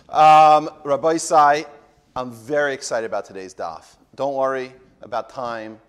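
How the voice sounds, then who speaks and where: A man's voice: mid-range voice, moderate pace, clean tone. Man rambling through a mock Talmud class. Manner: rambling, keeps interrupting himself with asides; jokey, mock-serious. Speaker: Torah class teacher. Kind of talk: comedic parody of a daily Talmud class.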